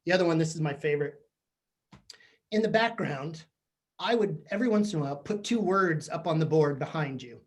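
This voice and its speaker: A man's voice: a little high, expressive, a little fast. Male presenter, chatty and self-mocking, working humor into a training talk for teachers. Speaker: keynote speaker to teachers. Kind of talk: humorous professional development talk. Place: virtual session from home or office.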